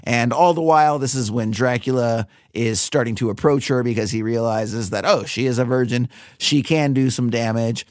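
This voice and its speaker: A man in his thirties co-hosting a casual film podcast, animated and acting out lines from the movie. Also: mid-range voice, moderate pace, few pauses, no room sound, clean studio sound. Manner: animated, acts out movie lines in funny voices. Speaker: podcast co-host.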